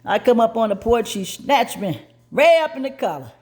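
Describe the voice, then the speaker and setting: An older woman hosting a cooking show, telling a childhood story in an animated, folksy way. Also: on the high side, normal speed. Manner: animated, folksy, laughs as she tells it. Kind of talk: personal storytelling.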